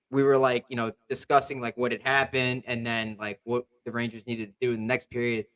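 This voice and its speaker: A man's voice: medium pitch, sharp tone. A young man hosting a podcast, telling a rambling sports story in casual chat with lots of fillers. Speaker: podcast host.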